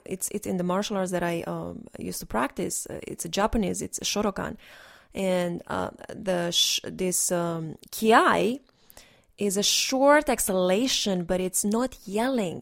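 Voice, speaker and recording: A woman's voice: medium pitch, creaky. A woman energy healer in a casual, rambling monologue, earnest and instructive, with frequent restarts.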